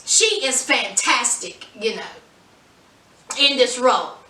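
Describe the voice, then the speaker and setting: Chatty high-voiced woman reviewing a show. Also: slow, roomy sound, distant mic, a little hiss or hum. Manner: animated, chatty, addresses viewers directly. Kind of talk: casual recap vlog.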